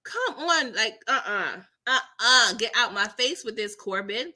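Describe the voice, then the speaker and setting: A woman hosting a casual TV recap livestream, with a bright, sharp tone. Her pitch swings widely as she slips into quick impressions of the characters. She talks in an animated, dramatic way, full of slang and exclamations. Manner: mimics characters' lines in quick voices. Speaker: recap channel host.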